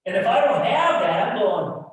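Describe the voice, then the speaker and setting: Man, pastor, sermon, impassioned, quiet to shouting, slightly high voice, heavy church echo. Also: very animated, moderate pace. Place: church sanctuary. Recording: echoey hall, distant mic.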